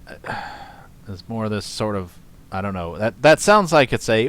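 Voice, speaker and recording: A man hosting casual reaction commentary, rambling, swearing and scoffing between long pauses. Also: lowish voice, lively intonation, fairly bright tone. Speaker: commentary host.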